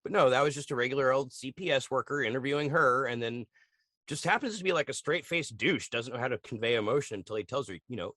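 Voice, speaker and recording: Animated man recapping a show, dry close mic. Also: mid-range voice, dry recording. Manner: animated, acts out scenes in quick put-on voices, swears. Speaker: podcast co-host. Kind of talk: casual chat recapping a TV show.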